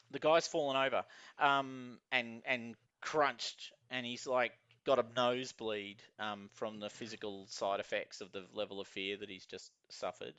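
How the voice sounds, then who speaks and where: Game master guy rambling thru the scene, lots of ums, bright voice, kinda dull lo-fi mic. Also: medium pitch, smooth, no room sound. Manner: rambling, filler-heavy narration. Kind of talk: narrating a tabletop game.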